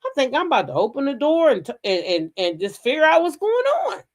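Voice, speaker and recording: A middle-aged woman casually telling viewers a personal story, swearing freely and swinging from hushed asides to loud outbursts. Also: high-pitched, big pitch swings, fast talker. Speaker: storyteller recounting a police raid.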